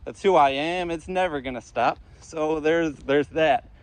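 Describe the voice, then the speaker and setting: Guy ranting hard outdoors, kinda high voice, swears a lot, keeps repeating himself. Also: measured pace, clear, resonant tone, low-quality recording. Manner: intense, profane, repetitive ranting. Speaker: vlogger. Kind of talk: impassioned monologue to camera. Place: outdoors among trees.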